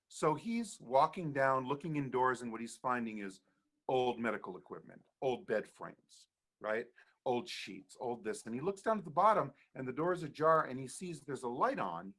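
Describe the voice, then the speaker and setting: A man casually telling a ghost story on a podcast, animated, often laughing and acting out the people he quotes. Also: medium pitch. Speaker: podcast guest, horror storyteller.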